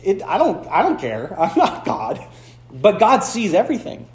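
A man's voice: high voice, wildly swooping pitch, moderate pace, reverberant. A man from the Upper Peninsula of Michigan, preaching a conversational sermon with playful asides, recorded in a church. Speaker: pastor.

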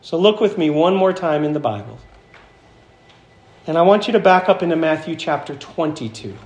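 A man preaching an emphatic sermon as pastor, slowing down to stress key phrases. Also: fairly high pitch, expressive, darkish tone. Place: church sanctuary. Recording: echoey church hall.

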